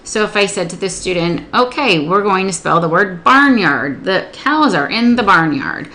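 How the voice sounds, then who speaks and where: A woman teaching early literacy, explaining a workbook lesson step by step and slowing down to sound out words and syllables. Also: medium pitch, lively intonation, sharp tone. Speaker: literacy tutor. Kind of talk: instructional demonstration.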